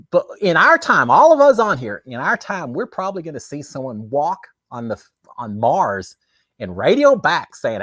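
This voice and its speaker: A man hosts a casual, chatty livestream, talking enthusiastically with plenty of fillers. His fairly high voice swings widely in pitch at a moderate pace, with a slightly bright tone and clean, dry studio sound.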